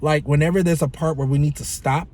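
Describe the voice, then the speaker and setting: A man's voice: on the high side, steady tone, fast, darkish tone, a little hiss or hum. A man vlogger telling a story in a casual, profane, exasperated rant.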